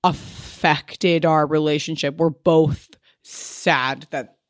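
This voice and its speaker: A woman's voice: deep voice, fairly even intonation, takes it slowly, no echo. Woman, 30s, frank guest who rambles through personal chat; dry, close sound. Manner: frank, rambling, heavy use of "like".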